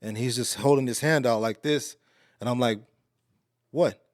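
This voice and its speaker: A man from Texas, a podcast guest, telling a story in a casual, slangy, animated way. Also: normal speed, no room sound, clean studio sound. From Alief, Houston, Texas. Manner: animated, slangy, getting louder and higher as the story builds.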